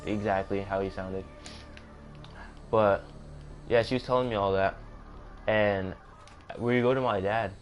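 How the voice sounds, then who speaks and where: A man's voice: fairly low pitch, steady tone, unhurried, long pauses, faint music behind. A young man casually narrating a storytime, rambling with self-corrections and joking asides. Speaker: gaming streamer.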